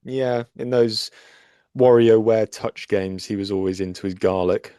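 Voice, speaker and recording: A man's voice: on the low side, fairly even intonation, unhurried, dark tone, smooth, dry recording. A man in his thirties from Dudley, co-hosting a casual gaming podcast with dry, jokey banter. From Dudley, England. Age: 30s. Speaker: podcast co-host.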